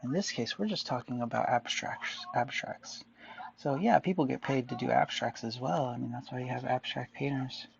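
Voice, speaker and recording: A man's voice: medium pitch, normal speed, gravelly, dull audio. A man chatting casually to viewers while drawing, rambling and musing aloud, often answering himself. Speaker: artist vlogger.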